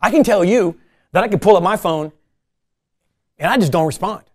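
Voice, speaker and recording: A man leading a casual sales meeting, coaching his team in an animated way and acting out short phone calls. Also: high voice, moderate pace.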